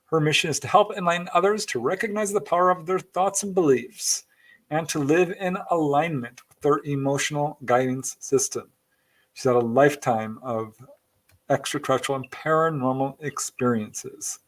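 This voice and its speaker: A male podcast host with a slightly raised pitch speaks with open enthusiasm. He heaps praise on his guest and keeps the chat light and upbeat. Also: normal speed. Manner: warm, effusive, upbeat. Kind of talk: enthusiastic show introduction and chat.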